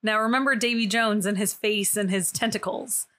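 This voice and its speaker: A woman's voice: medium pitch, steady tone, normal speed, a bit bright. A woman co-hosting a podcast in casual chat, joking and giggling as she argues her point. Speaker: podcast co-host.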